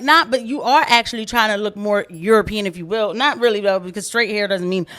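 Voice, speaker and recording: Animated woman hosting reaction commentary. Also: fairly high pitch, brisk, hardly any pauses. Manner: animated, laughing, slangy asides. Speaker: commentary host.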